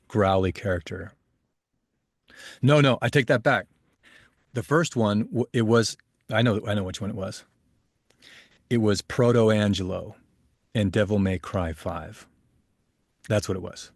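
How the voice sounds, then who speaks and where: A young adult man, a voice actor, chatting in a relaxed, rambling way as an interview guest. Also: fairly low pitch, measured pace, long pauses, no echo, studio quality. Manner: relaxed, rambling, laughs easily. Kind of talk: casual interview chat. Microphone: home studio mic.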